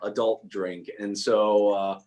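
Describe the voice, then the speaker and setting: A man's voice: lowish voice, flat delivery, takes it slowly, darkish tone. A young man chatting as a guest on a video call, telling stories and laughing at himself. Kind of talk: casual video-call chat.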